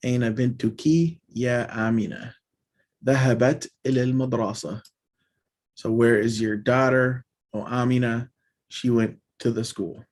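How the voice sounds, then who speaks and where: A man of middle pitch walks through a language lesson. He reads example sentences aloud one by one, then breaks them down in loose, conversational explanations. The tone stays easygoing and instructional throughout. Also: flat delivery, a little fast, a little mellow. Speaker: language teacher.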